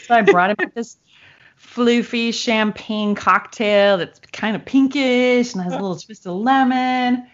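A woman's voice: mid-range voice, normal speed. A young woman from Michigan, co-hosting a podcast and chatting casually, telling rambling stories and swearing freely. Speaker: podcast co-host. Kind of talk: casual chat. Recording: dull lo-fi sound.

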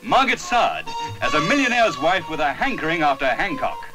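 A man's voice: fairly high pitch, sing-song, brisk, music in the background. A man narrating a 1960s film trailer in a grand, declaiming manner, from an old film soundtrack.

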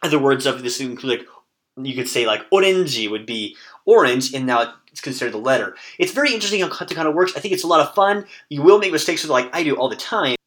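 Bright-voiced chatty male podcast host. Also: mid-range voice, fast. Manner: chatty, self-amused, with frequent "um" fillers. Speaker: podcast host teaching Japanese. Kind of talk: casual spoken lesson.

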